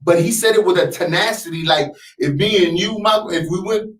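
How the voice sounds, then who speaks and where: Guy telling a story on a radio show, higher voice, kinda echoey and far from the mic. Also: fairly quick. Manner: animated, acts out voices in his stories. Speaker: interview guest, clothing designer.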